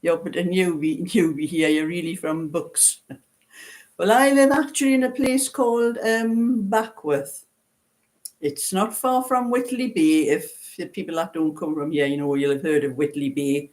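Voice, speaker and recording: A slightly slow, lowish, a little mellow voice belongs to a woman in her seventies from Newcastle, northeast England. She hosts a knitting channel and rambles through a casual livestream chat in a light Geordie accent, frequently laughing.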